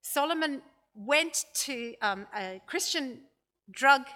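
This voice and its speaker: A woman preaches in a slow, unhurried sermon, her voice high and bright. She tells the story in measured steps and leans into the quoted lines. Her words echo with a long reverb, as in a church hall. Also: expressive.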